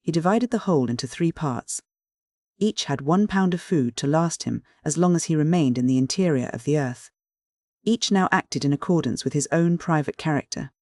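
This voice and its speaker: A man narrating a classic adventure novel in steady, clear first-person storytelling. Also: fairly high pitch, moderate pace, no echo, clean studio sound. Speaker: audiobook narrator.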